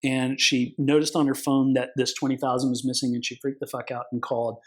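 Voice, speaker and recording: Animated male attorney telling stories. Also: mid-range voice, a little fast, low-quality recording. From California. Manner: animated, acts out quoted voices, swears casually. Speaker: consumer protection attorney, guest. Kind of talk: casual interview storytelling.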